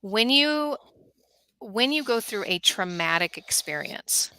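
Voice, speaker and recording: A middle-aged woman who hosts a podcast and runs workshops for moms, speaking as a guest in an earnest, animated way. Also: medium pitch, takes it slowly, dry recording. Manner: earnest, animated storytelling with acted quotes. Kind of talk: guest on a talk show.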